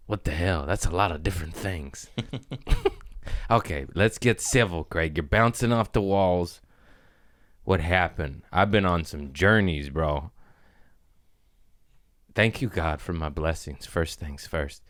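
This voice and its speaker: Rowdy low-voiced profane comedian. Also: male voice, animated, a little slow, no echo, clean studio sound. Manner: profane, rambling, laughs often. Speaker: comedian and podcast host. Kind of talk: casual solo podcast monologue.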